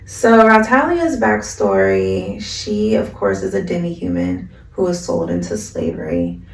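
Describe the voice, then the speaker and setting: A woman's voice: on the low side, wildly swooping pitch, measured pace, gravelly, distant mic. A woman vlogger in a slangy, chatty casual recap of an anime, recorded in an echoey room. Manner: slangy, chatty, lots of fillers.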